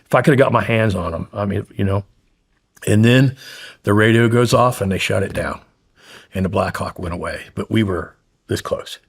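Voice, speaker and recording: A man's voice: lowish voice, normal speed, gravelly, husky. A man guest in an interview, blunt and profane, intensely retelling a frightening story.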